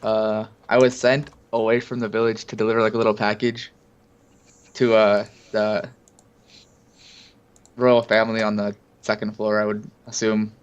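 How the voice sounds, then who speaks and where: A man's voice: on the low side, level tone, normal speed, pauses often, clean tone, muffled recording. A man taking part as a player in a tabletop game, talking hesitantly. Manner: hesitant, uncertain. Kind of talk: casual tabletop play.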